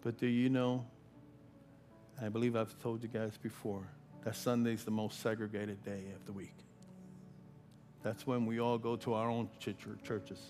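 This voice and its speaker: A man preaching a sermon, building from quiet talk to loud, shouted repetitions with drawn-out phrasing. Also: fairly low pitch, little pitch movement, soft background music. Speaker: pastor.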